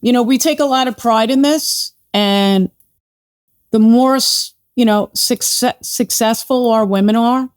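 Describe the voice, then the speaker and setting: A woman leading a local shooting group, speaking in an earnest, supportive and steady way. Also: on the high side, a little slow, no echo, clean studio sound. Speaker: shooting group chapter leader. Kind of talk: casual interview chat.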